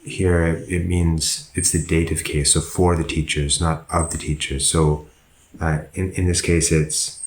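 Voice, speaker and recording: A man with an extremely deep voice teaches a Pāli grammar lesson, moving through each sentence at a slow, deliberate pace. He pauses often and corrects himself. The recording carries a noticeable room echo. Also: little pitch movement. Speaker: Buddhist monk teaching Pāli.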